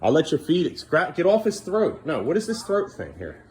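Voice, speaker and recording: A man's voice: a little high, wildly swooping pitch, normal speed, a little mellow. A man filming a casual home vlog, coaxing his kids along and talking to the camera. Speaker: parent vlogger. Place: family home kitchen.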